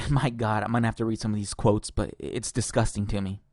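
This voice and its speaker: A man's voice: lowish voice, steady tone, fairly quick, a little mellow, dry recording. Angry ranting man, dry sound. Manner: angry, profane ranting with sarcastic laughs. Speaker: podcast host. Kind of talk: ranting podcast commentary.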